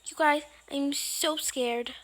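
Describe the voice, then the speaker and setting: A woman narrating her game role-play with dramatic, excitable and often frightened exclamations. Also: sits high, takes it slowly, faint music behind. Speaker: game player.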